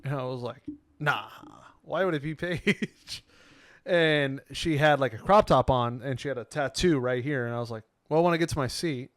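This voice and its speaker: A young man co-hosting a podcast in casual chat, telling stories with lively quoted voices and frequent laughs. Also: fairly quick, no echo, studio quality. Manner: animated storyteller, acts out quotes with sudden loud pitch jumps, laughs often. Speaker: podcast co-host.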